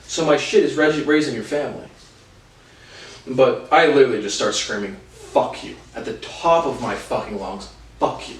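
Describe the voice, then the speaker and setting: A man angrily ranting through a personal story, swearing constantly and stumbling over restarts. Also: medium pitch. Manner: profane, agitated, heavy swearing; halting restarts. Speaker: vlogger. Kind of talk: storytelling rant. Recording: roomy, distant mic.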